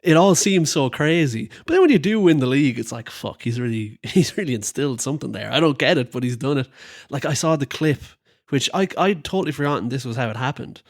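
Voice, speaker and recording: A man's voice: mid-range voice, lively intonation, fairly quick, no room sound, clean studio sound. A man co-hosting a podcast, chatting about football casually, laughing often and swearing in passing. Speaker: podcast co-host.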